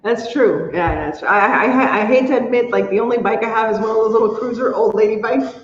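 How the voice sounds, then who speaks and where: A woman hosting a casual live crafting stream, chatty and upbeat, thanking her viewers warmly. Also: a little high, a little fast. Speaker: livestream crafting host. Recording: echoey room, dull lo-fi sound.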